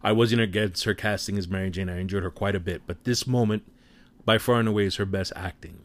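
A man casually retelling a movie plot in an animated way, with offhand swearing. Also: lowish voice, fast. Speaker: film recap commentator.

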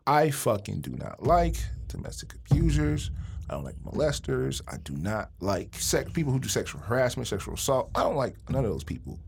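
A man co-hosting a podcast in casual chat, opinionated and animated, full of slang and repeated words when he gets going. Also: mid-range voice, a little fast, gravelly, slight background noise. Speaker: podcast co-host.

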